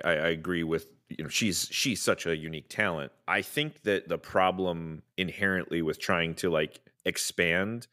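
A man's voice: low voice, a bit bright, no room sound, studio quality. A man co-hosting a casual pop-culture podcast, joking wryly and restarting his sentences with stammers. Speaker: podcast co-host.

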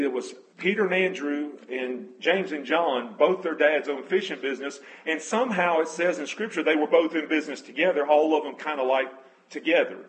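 On a rough recording, a man with a fairly high voice preaches a conversational sermon. He tells scripture stories earnestly, correcting himself as he goes, and is so emotionally moved he's near tears.

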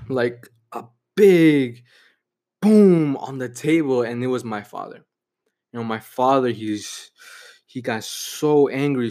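Brief: young adult man, mid-pitched, reflective personal storytelling, filler-heavy. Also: a little mellow. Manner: reflective, heavy use of "you know" and "like".

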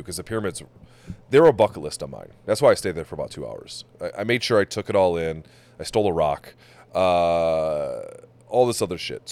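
A man hosting a podcast, telling a travel story in casual chat, swearing and acting out the people he met. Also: low voice. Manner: animated storyteller, swears, acts out quotes. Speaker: podcast host.

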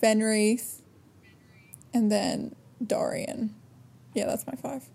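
Chatty young woman with a mellow voice. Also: on the high side, steady tone, slow pace, vocal fry. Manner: giggly, chatty, lots of fillers. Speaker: podcast co-host. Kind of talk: casual chat.

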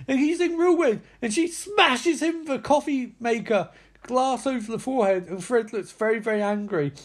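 Man, high voice, excitable, swearing, casual film recap. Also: moderate pace. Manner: excitable and profane, frequent exclamations.

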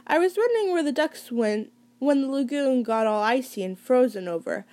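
A woman's voice: sits high, animated, normal speed, a little mellow. A woman reading a first-person novel aloud in a casual, conversational way, with small slips and restarts. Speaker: reader.

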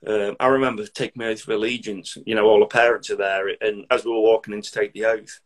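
A man's voice: on the low side, level tone, fast. Blunt army veteran man. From Derby, England. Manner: blunt, swears freely, dark humour. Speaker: military veteran. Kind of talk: casual podcast chat.

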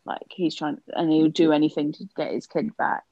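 A woman's voice: low voice, level tone, normal speed, mellow, no room sound, dull audio. A woman, co-hosting a film podcast, talking hesitantly in a rambling, casual way with frequent swearing. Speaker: podcast co-host. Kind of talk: casual film review chat.

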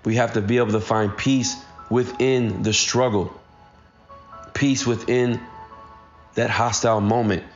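A man's voice: mid-range voice, fairly even intonation, a little slow, long pauses, highs cut off, faint music behind. A man in his thirties giving a casual, earnest motivational talk straight to his listeners. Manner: earnest, addresses listeners directly. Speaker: motivational speaker.

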